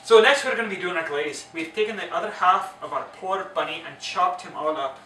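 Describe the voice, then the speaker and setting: A man's voice: high-pitched, brisk, sharp tone. A man co-hosting a casual comedic cooking show, teasing and playful as he walks through the steps. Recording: echoey kitchen, distant mic, music.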